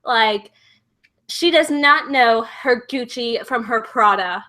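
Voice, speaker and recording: A woman's voice: fairly high pitch, takes it slowly, bright, forceful tone. A woman voicing a ditzy, shallow valley girl gossiping about clothes. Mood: gossipy.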